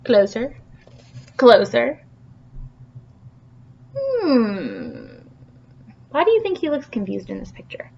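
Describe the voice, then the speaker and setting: A woman's voice: on the high side, huge pitch swings, unhurried, creaky, pauses often, a little mellow, slightly rough, highs cut off. A woman teacher reading a storybook to her class over video, playful and full of questions for the kids.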